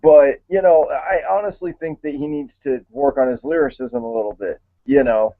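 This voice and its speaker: A man's voice: a little high, moderate pace. Man on a tinny phone-like line. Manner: conversational, hesitant with fillers. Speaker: show host. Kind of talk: casual chat.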